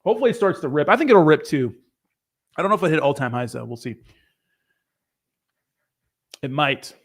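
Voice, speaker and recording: A man's voice: fairly high pitch, big pitch swings, a little fast. A young man hosting a crypto livestream who reads out viewer comments in casual, rambling, profane chat.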